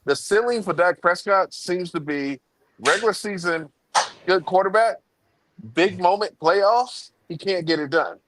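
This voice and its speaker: A man's voice: high voice, unhurried, fairly bright tone, poor audio. A man on a sports talk panel, laying out his argument point by point in a casual debate. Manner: argumentative, lays out points step by step. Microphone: remote streaming call.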